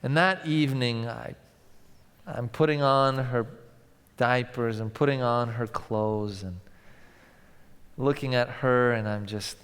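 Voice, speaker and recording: A male pastor preaching a sermon, telling stories and swinging from loud to hushed. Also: medium pitch, takes it slowly, long pauses, smooth. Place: large church. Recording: long church hall reverb.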